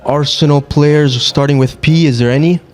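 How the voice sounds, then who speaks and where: Man, quiz contestant, excitable, dramatic, casual banter. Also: fairly high pitch, moderate pace, faint music behind.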